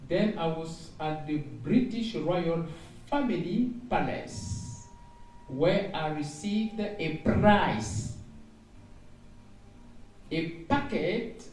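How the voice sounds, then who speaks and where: Slow, echoey preaching man. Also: a little high, animated, a little mellow. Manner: exclamatory, repeats phrases, frequent hallelujahs. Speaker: evangelist interpreting dreams. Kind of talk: sermon, reading and interpreting dreams. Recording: echoey room heard from a distance.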